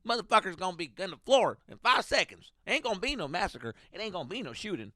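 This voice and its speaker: A man voicing a brash, gun-loving Texan driver who boasts loudly and swears. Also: sits high, very animated, fast, no room sound, studio quality, pitched above the performer's own voice, heavily acted. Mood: boastful. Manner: loud, boastful, profane.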